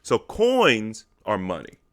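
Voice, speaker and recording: A man's voice: on the low side, wildly swooping pitch, slow pace. A man co-hosting a podcast, explaining things at length in casual, emphatic chat. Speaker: podcast co-host.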